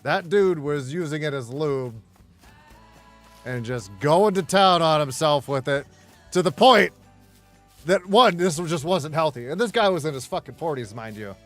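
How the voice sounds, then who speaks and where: A middle-aged man chats through a gaming session, trading blunt, profanity-laced stories and laughing at his own anecdotes. His voice sits a touch higher than most men's, with faint music playing underneath. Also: expressive, moderate pace, a bit bright. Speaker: gaming streamer. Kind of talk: casual storytelling while gaming.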